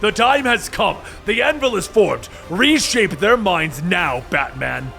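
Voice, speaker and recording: A man's voice: animated, slow pace, creaky, bright, forceful tone, faint music behind, exaggerated voice. A man voicing an imperious, godlike male creator of worlds in a comic story recap. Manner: imperious, booming.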